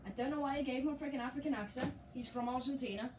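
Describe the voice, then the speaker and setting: A woman commentating casually and excitably on her own football video game as she plays. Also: high-pitched, rapid-fire, a crowd in the background. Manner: chatty and excitable, talking to herself over gameplay. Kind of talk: let's play commentary.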